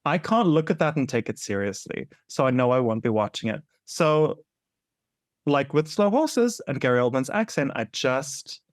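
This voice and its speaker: A man co-hosting a podcast in casual chat, animated and opinionated, laughing often and repeating himself. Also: medium pitch, normal speed, no echo, studio quality. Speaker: podcast co-host.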